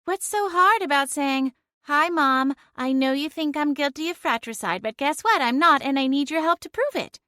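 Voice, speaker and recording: A woman's voice: high-pitched, animated, normal speed, hardly any pauses, pushed and bright, no echo, studio quality, voice pushed up. A woman voicing an ancient, snarky female cat familiar with a smarmy, mocking manner.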